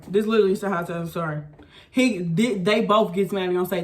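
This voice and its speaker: Mulher contando uma história, sem filtro. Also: female voice, fairly low pitch, fast. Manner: blunt, profane, animated retelling. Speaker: vlogger. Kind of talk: storytime vlog rant.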